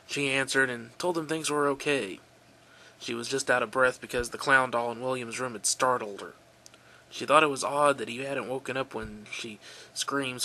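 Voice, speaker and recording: A man reading a creepy story aloud in a relaxed, offhand way, correcting his own slips. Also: mid-range voice.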